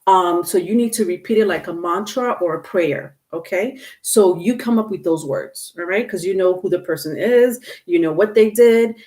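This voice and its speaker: A woman's voice: fairly low pitch, normal speed, hardly any pauses, a little mellow. A woman giving a casual tarot reading to her viewers, chatty and instructive, with many fillers and restarts. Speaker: tarot reader.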